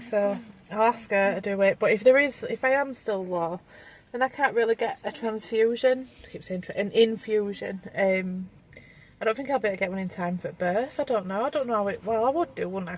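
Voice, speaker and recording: A woman's voice: mid-range voice, slight background noise. A pregnant woman, talking through her day in a chatty, rambling, frank way to her viewers. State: pregnant, tires easily. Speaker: vlogger. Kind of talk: casual vlog chat to camera.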